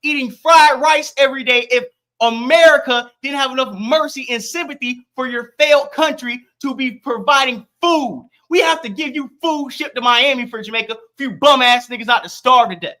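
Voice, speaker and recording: A livestream host arguing loudly in a profane, combative way and talking over the other person on a stream mic. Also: sits high, normal speed. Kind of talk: heated online debate.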